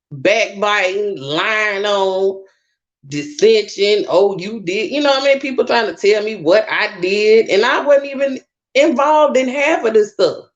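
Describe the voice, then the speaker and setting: Heated woman on a lo-fi call. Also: medium pitch. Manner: emotional, confrontational, repeats herself. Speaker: guest. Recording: dull lo-fi online call audio.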